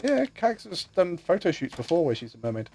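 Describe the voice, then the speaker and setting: A man's voice: high-pitched, big pitch swings, a little fast, vocal fry, a little mellow, slight background noise. A man chatting casually and joking with friends while streaming a video game, muttering to himself as he plays. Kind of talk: casual gaming livestream chat.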